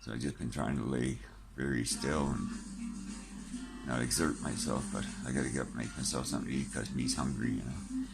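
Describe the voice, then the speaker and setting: A man's voice: a bass voice, fairly even intonation, brisk, gravelly, over loud music. An older man, short of breath, talking casually to camera and joking wryly about dying. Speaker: vlogger.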